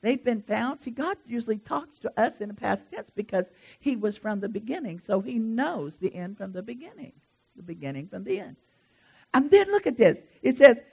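A woman preaching a sermon in church, swinging between hushed asides and loud emphatic lines. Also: fairly high pitch, rough recording.

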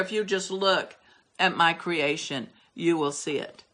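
A woman's voice: on the low side, a little slow, sharp tone. An older woman preaching a sermon, emphatic and repetitive as she drives her points home. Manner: emphatic, repeats words for stress.

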